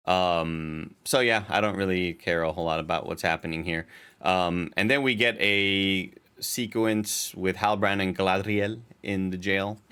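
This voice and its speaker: A man's voice: low voice, steady tone, measured pace, sharp tone, clear, resonant tone. A young adult man co-hosting a casual chat, recapping a TV episode in a rambling, profane way with many fillers and restarts. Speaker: podcast co-host.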